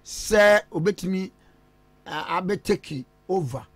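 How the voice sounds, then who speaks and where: A man with a Ghanaian accent hosting a radio talk show, switching lively between local language and English. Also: sits high, slow pace, dry recording. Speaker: radio host.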